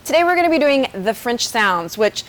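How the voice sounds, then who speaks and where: A woman's voice: a little high, big pitch swings, normal speed, a little hiss or hum. A young woman, a French teacher, giving a casual and upbeat beginner lesson in a chatty, informal way. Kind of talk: casual online language lesson.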